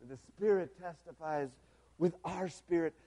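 A man preaches a storytelling sermon in a high-pitched voice at a slightly slow pace, moving from hushed, reflective moments to loud, emphatic ones.

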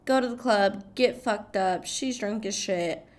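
A woman's voice: mid-range voice, unhurried. A young woman retelling a film plot in casual chat. She talks with a lot of profanity, laughs often, and fills her speech with "like" and "blah, blah.".

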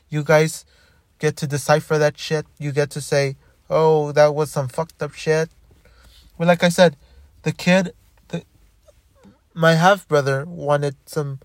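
A young man hosting a solo podcast, talking in a halting, rambling way with many restarts and frequent swearing. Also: a little high, no echo, clean studio sound. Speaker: podcast host.

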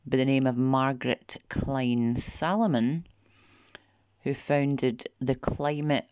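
A woman delivering a podcast monologue in a slow, deliberate way, sometimes dropping to a near whisper. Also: a bass voice, a little mellow, no echo. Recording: dull, lo-fi dry recording.

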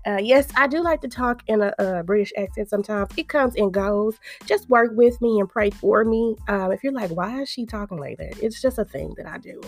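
Chatty woman podcast host in her 30s, playful and jokey, some faint music behind. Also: mid-range voice. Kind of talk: casual chat.

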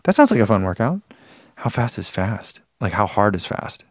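A man's voice: lowish voice, big pitch swings, moderate pace, no echo, clean studio sound. A man hosting a running live stream, chatting casually, reading out viewer comments and rambling with self-deprecating laughs.

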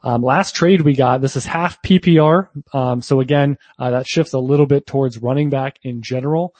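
A man co-hosts a fantasy football podcast, chatting casually and talkatively with plenty of fillers and restarts. His medium-pitched voice has a darkish tone and a moderate pace. There is no room sound.

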